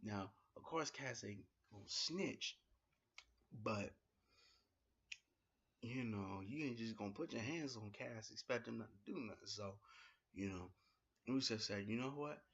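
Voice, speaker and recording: A man giving a casual spoken review of a wrestling show, retelling it in an excitable, slangy way with plenty of fillers. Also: lowish voice, unhurried, long pauses, breathy edge, lo-fi sound.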